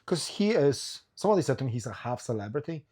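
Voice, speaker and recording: A man hosting a casual podcast chat. He tells loose, rambling stories and swears freely. His voice sits at an ordinary middle pitch. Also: sing-song, quick pace, a little mellow. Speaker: podcast host.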